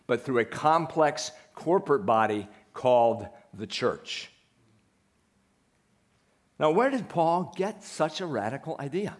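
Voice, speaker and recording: Man preaching conversationally. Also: mid-range voice. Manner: conversational preaching with questions to the congregation. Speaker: pastor. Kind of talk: sermon.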